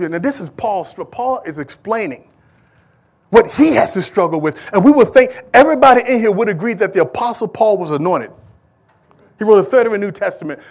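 A man's voice: sits high, gravelly. A man preaching a sermon in church, with an impassioned, repetitive cadence, talking directly to the congregation. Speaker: pastor.

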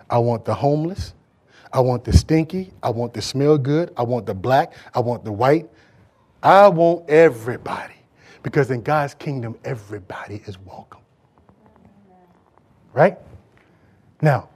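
A pastor delivers a church sermon, his medium-pitched voice slightly mellow with a touch of roughness. He speaks emphatically yet conversationally, repeating words to hammer home each point.

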